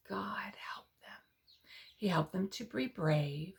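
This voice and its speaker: A woman teaching preschoolers a Bible story and verse, speaking directly to the children in a sing-song, coaxing way and often dropping to a soft hush. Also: mid-range voice, animated, slow, creaky. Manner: drops to a soft hush for emphasis.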